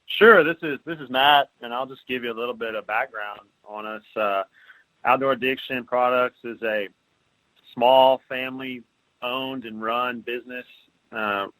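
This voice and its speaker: A man as a podcast guest, polite and measured, describing his business. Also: medium pitch, fairly even intonation, bright, forceful tone, no room sound, rough recording. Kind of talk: interview answers.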